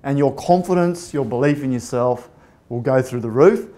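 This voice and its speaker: A man giving a motivational talk, telling a story with lively acted-out dialogue. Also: mid-range voice, normal speed. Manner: animated, acts out dialogue in the story. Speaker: motivational speaker.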